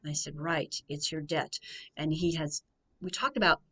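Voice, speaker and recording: A woman from the United States, a financial coach telling a story on a radio show in a measured way, repeating key phrases for emphasis. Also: sits low, fairly even intonation, bright, forceful tone.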